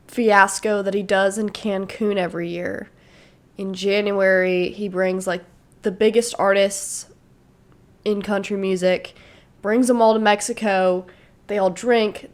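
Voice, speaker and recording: Chatty young woman podcast host. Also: medium pitch. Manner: chatty, enthusiastic fan talk with fillers. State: slightly sick. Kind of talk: casual solo podcast chat.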